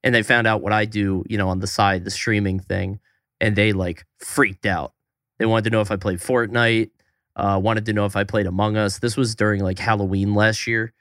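A man's voice: fairly low pitch, flat delivery, fairly bright tone, no echo, clean studio sound. A young man co-hosting a podcast, joking around and swearing casually as he chats. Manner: joking, swears freely, quick reactions. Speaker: podcast co-host and streamer.

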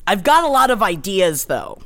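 A young adult woman co-hosting a podcast, chatting in a loud, animated, jokey way. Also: mid-range voice, moderate pace. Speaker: podcast co-host. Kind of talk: casual chat.

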